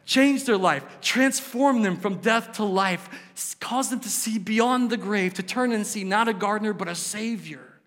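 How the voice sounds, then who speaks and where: A preacher putting on a gentle, earnest Jesus who calls his followers tenderly and with fervor. His rather high voice rings out in a hall with long reverb. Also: measured pace, few pauses. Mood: fervent prayer. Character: Jesus, a gentle man calling followers to new life.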